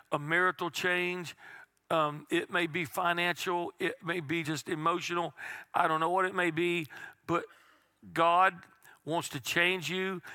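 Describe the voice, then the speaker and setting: Bright-voiced pastor preaching slowly. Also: male voice, a little high, no room sound. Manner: slows right down for key phrases, drops to a hush for quiet lines. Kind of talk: sermon. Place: church sanctuary.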